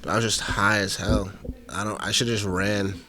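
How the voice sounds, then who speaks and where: A young man, telling profane stories in an animated, slangy way in casual podcast chat. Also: lowish voice, fairly quick. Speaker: podcast guest or host.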